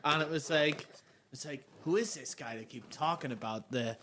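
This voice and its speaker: A man's voice: a little high, normal speed, a bit bright, slight background noise. A man who tells a story in a casual podcast chat, hesitating with many fillers.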